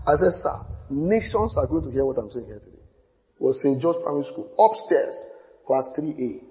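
A man preaching a sermon, telling stories with quoted dialogue and building to shouts. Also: medium pitch, lively intonation, moderate pace. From Nigeria. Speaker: pastor. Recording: long hall reverb.

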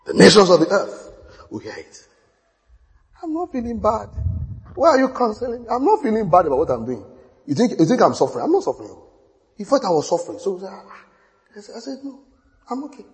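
Pastor preaching in a reverberant hall. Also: male voice, on the high side. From Nigeria. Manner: storytelling with quoted dialogue, rising to shouts. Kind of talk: sermon.

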